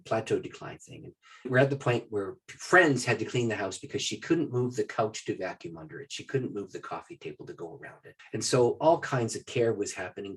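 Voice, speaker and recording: This pastor has a fairly low voice with a breathy edge. In a podcast interview he tells a long personal story, animatedly acting out what the other people in it said.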